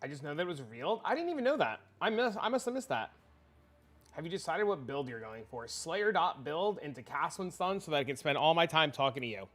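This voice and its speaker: A man's voice: a little high, sing-song, fast talker, fairly bright tone. A man livestreaming, chatting casually with his viewers in a rambling, profane way, often repeating himself.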